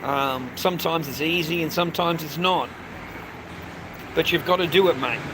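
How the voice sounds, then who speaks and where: This Australian live-streamer's voice is on the high side and moves at normal speed. Outdoors with noisy traffic around him, he rambles through casual chat, swearing liberally and calling people "mate".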